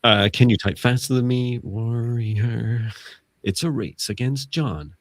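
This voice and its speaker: A man's voice: mid-range voice, expressive, normal speed, dry recording. A man co-hosting a live spiritual stream, talking casually in a rambling way with lots of fillers and restarts, over a video call. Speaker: psychic mentor and co-host.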